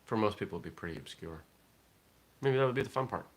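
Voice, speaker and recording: A man's voice: fairly low pitch, lively intonation, quick pace. A man hosting a casual morning vlog, rambling and thinking aloud with fillers. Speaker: vlog host.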